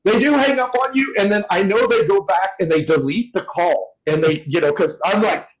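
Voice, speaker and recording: A man co-hosting a casual podcast chat, telling stories in an animated, exasperated way. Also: high voice, normal speed, muffled recording.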